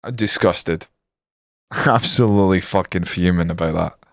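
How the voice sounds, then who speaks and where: A man commentating his football management game on a live stream, swearing and ranting, then breaking into excited match commentary. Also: low voice, moderate pace, dry recording, studio quality.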